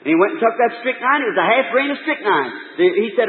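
High-voiced impassioned preacher. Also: male voice, very animated, fast, hardly any pauses. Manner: impassioned folksy storytelling, swinging from loud to hushed. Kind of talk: sermon. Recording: echoey hall, thin phone-like old tape.

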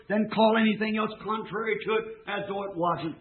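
A man preaching a fervent revival sermon that rises to shouts. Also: high voice, fairly even intonation, a little fast. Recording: tinny lo-fi old tape recording.

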